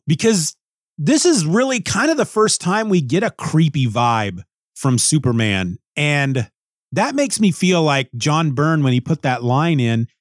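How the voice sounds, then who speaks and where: A man's voice: on the high side, dry recording, studio quality. A man reviewing a comic book in a casual, rambling way, often restarting and musing aloud.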